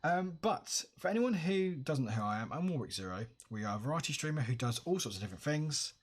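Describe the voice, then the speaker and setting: A man's voice: fairly high pitch, big pitch swings, fast, slightly rough. A tired man chatting casually on a live stream, upbeat and greeting his viewers by name.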